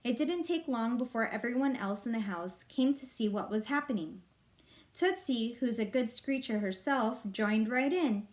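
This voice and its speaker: A woman reads a children's novel aloud with a fairly high voice. Her narration is expressive and lively, rising with the excitement of the story. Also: moderate pace. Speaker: reader.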